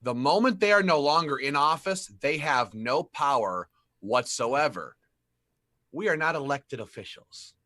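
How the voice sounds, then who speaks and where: A man leading a gun rights group, talking passionately on a panel and rising to shouts. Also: a little high, animated, measured pace, dry recording, clean studio sound. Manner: fiery, rises to shouting. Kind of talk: impassioned panel talk.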